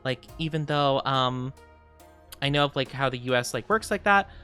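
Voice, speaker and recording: Bubbly streamer girl chatting w her viewers, smooth voice, faint music behind. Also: a bass voice, expressive, normal speed, a bit bright. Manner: bubbly, chatty, greets chat by name; playful sing-song asides. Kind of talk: casual livestream chat.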